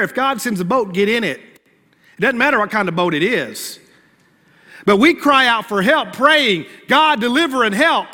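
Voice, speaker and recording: Bright-voiced male pastor preaching in a reverberant hall. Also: high voice. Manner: conversational preaching, acts out prayers and asides. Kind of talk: sermon.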